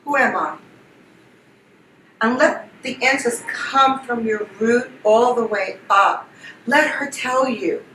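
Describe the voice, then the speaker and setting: A woman's voice: fairly high pitch, slow pace, a bit bright, a little hiss or hum. A woman leading a guided group exercise as a workshop facilitator, giving repetitive, soothing coaching prompts. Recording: roomy, distant mic with faint ambience.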